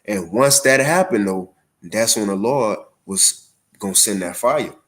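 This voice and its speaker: A man's voice: fairly low pitch, lively intonation, measured pace, a bit bright. A man giving an online religious lesson in a casual, conversational way, with a cough and frequent fillers. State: has a cough. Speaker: religious teacher.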